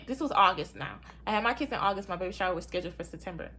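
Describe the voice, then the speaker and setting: A young woman rattles through her personal story for viewers at rapid-fire speed, barely pausing, with a breathy edge. She's casual and animated, repeatedly says "y'all," and reenacts what people said in a high voice.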